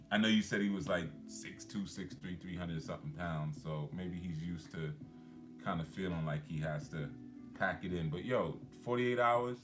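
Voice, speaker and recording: A man hosting a live stream, chatting casually and reading out viewer comments in a laid-back way. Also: low-pitched. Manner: laid-back, chatty, many fillers, laughs often.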